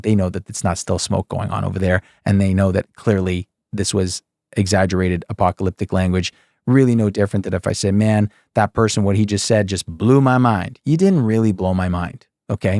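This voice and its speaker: A man's voice: fairly low pitch, darkish tone, no room sound, clean studio sound. A man teaching scripture in a casual, joking way, asking his listeners rhetorical questions and often saying "okay" and "folks.". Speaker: Bible teacher.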